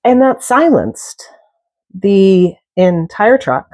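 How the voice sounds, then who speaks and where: A woman's voice: mid-range voice, very animated, extremely slow, darkish tone. A middle-aged woman chatting casually and telling jokey stories while she cooks. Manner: chatty storyteller, jokey asides. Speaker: cooking vlogger. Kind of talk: casual chat while cooking.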